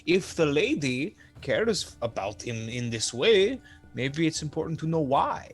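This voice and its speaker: A man's voice: on the high side, sing-song, unhurried, slightly rough, faint music behind. A man playing a tabletop game, earnest and urgent. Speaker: player. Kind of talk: casual tabletop game play.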